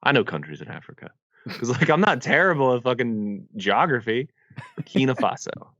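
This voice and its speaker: A man's voice: medium pitch, very animated, moderate pace, fairly bright tone, no echo, muffled recording. A man hosting a podcast in casual chat, telling loose stories with swearing and laughter. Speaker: podcast host.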